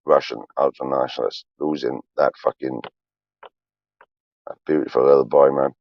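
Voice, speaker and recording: A man's voice: a bass voice, steady tone, moderate pace, dry recording, lo-fi sound. A man in his forties, a streamer, rambling on a livestream in a profane, emotional, confessional way.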